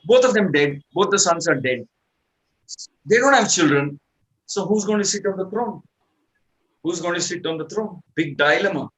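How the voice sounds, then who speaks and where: A man's voice: high voice, expressive, normal speed, pauses often, fairly bright tone, low-quality recording. Man telling a scripture story. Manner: conversational, repeats points and restarts. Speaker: scripture teacher. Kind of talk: storytelling lecture.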